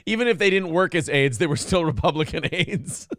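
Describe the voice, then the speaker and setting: A man's voice: on the high side, a little fast, fairly bright tone, no echo, clean studio sound. A man hosting a morning talk show, trading crude jokes and laughing often. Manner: laughs often, mocking, jokey. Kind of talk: crude comedic banter.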